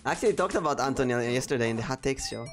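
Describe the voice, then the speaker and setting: A man's voice: mid-range voice, animated, very fast, music in the background. A man streaming a game and chatting casually with friends, teasing and laughing often. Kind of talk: casual let's-play chat.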